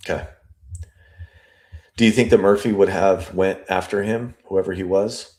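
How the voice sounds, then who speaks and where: A man analyzing an interview transcript, reading lines aloud and musing over them deliberately. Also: low voice, steady tone, a little mellow. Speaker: statement analyst.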